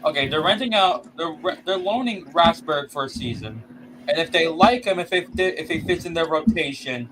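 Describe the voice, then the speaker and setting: A man's voice: fairly high pitch, expressive, moderate pace, crowd noise. A man co-hosting a casual sports podcast, thinking aloud and restating points to understand them. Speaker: podcast co-host. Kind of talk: casual chat. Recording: noisy room.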